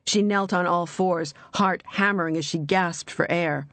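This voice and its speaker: A woman narrating an audiobook in a measured, even reading. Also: on the low side, dry recording.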